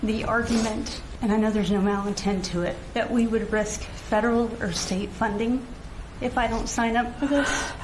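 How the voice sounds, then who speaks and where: A woman city official speaks earnestly and with sympathy at a public meeting. Her voice sits fairly high. The room is echoey, with clear background noise and clicks. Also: steady tone, normal speed.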